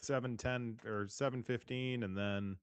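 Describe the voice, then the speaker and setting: A man's voice: mid-range voice, fairly even intonation, unhurried, clear, resonant tone, no echo. A man co-hosting a podcast over a video call, teasing and wisecracking. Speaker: podcast co-host. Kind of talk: casual chat.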